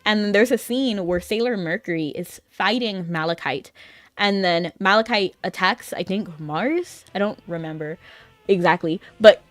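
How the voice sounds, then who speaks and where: Here a young adult VTuber speaks at medium pitch and a slightly slow pace, with no room sound at all. Her gaming-stream chatter wanders along, packed with the filler "like."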